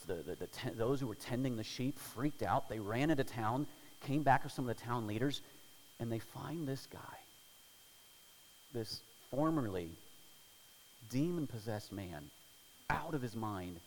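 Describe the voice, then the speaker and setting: A male pastor preaching a sermon, swinging between loud dramatic storytelling and hushed prayer. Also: lowish voice, long reverb tail, a little hiss or hum, poor audio.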